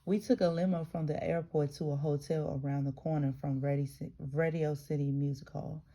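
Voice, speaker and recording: Reading her memoir aloud, a woman from the American South keeps breaking off into chatty asides and restarting words. She has a deep, warm voice with a steady tone and moderate pace.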